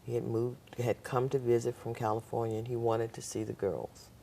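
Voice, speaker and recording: Gravelly, husky woman telling a story. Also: rumbling low, a little fast. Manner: animated storyteller acting out the voices of others. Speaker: guest. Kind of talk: personal storytelling in a talk show interview.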